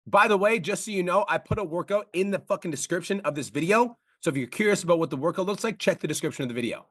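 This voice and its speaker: A man coaching on a call, blunt and profane, talking fast and pressing hard. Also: fairly high pitch, fairly bright tone, dry recording, clean studio sound. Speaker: business coach.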